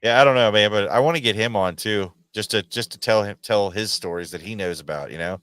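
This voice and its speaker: A man telling stories in a lively, slangy podcast chat, full of "dude" and "man". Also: fairly low pitch, fast talker, smooth, no room sound. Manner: animated storyteller, slangy, says dude and man a lot. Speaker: podcast guest. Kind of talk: casual chat.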